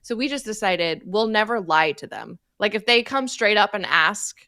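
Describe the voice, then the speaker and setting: A woman in her thirties co-hosting a podcast, telling stories in lively, animated casual chat and laughing often. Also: mid-range voice, moderate pace, dry recording. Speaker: podcast co-host.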